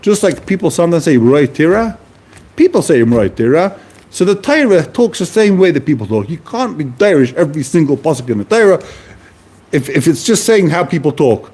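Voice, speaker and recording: A man's voice: a little high, big pitch swings, a little fast, darkish tone, slightly rough. A man teaching a text class, posing questions and answering them, repeating key phrases as he explains. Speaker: Talmud teacher. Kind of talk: lively explanatory lecture.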